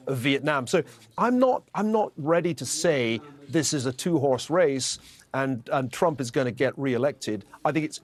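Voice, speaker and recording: A male professor giving measured, analytical political commentary as a guest on a talk show. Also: medium pitch. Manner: measured, analytical, hedged judgments.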